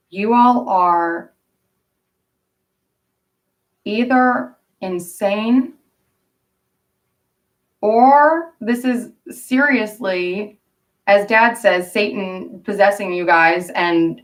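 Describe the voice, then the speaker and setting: A woman's voice: medium pitch, fairly bright tone, recorded from a distance. Indignant rambling woman vlogger. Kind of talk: casual rambling vlog monologue.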